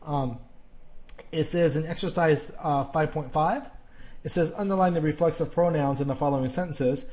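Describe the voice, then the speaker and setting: A man's voice: on the high side, moderate pace, a little mellow. A man teaching a grammar lesson on video, explaining patiently step by step and often checking in with "okay?".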